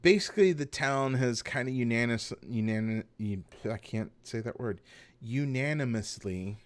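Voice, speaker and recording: A game master, a man, with a lively voice that rises and falls as he recaps the adventure. He talks loosely, stumbles over words and corrects himself. He drifts easily into casual asides between bits of narration. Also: medium pitch, normal speed. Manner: storyteller recap mixed with loose chatty asides and self-corrections.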